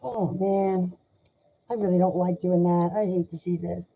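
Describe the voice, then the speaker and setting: A woman doing a live tarot reading, speaking in an emotional, sympathetic and halting way. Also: fairly low pitch, fairly even intonation, gravelly, slight background noise. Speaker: tarot reader. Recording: dull lo-fi sound.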